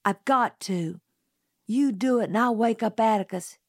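A woman voicing a stubborn boy of about twelve in an audiobook, speaking in urgent, hushed tones. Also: on the high side, a little slow, no room sound, clean studio sound, voice pushed up. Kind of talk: audiobook character voice.

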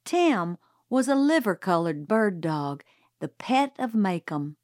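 A woman narrating a storybook aloud in a measured, even storytelling delivery. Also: medium pitch, no room sound, clean studio sound. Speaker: audiobook reader.

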